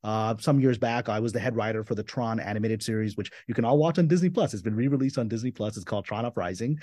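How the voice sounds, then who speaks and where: A man being interviewed as a screenwriter guest, talking in an animated, emphatic way with quick restarts. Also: lowish voice, dry recording. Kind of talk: conversational interview.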